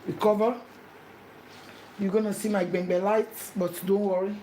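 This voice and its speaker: A woman with a mid-range voice and level tone cooks at home, explaining each step at a measured pace and repeating her directions over and over. Frying noise fills the echoey kitchen.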